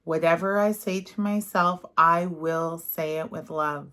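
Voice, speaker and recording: A woman leading a guided affirmation session, reading gently and then talking casually with fillers. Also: sits low, steady tone. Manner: gentle and unhurried, slipping into casual fillers when speaking freely. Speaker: self-help guide. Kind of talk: guided affirmation session, partly read aloud.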